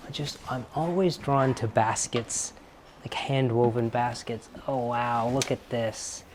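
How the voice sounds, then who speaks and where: A man's voice: medium pitch, steady tone, a little slow, noisy background. A man hosting a vlog, chatting with enthusiasm while browsing an indoor antique market and reading tags aloud. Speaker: vlog host. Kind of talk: casual vlog chat.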